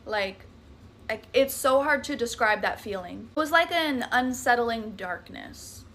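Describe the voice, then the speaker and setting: A woman's voice: on the high side, animated, measured pace, a bit bright. A young woman with a Southern US accent, dramatically telling a scary story in a chatty, profane, casual way. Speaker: TikTok creator.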